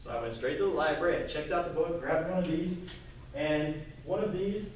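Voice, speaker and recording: A man from Kentucky giving a lively storytelling pitch to a live audience, acting out the dialogue as he goes. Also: fairly quick, a little hiss or hum. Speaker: entrepreneur presenter. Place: live event room, indoors. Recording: echoey room, mic far off.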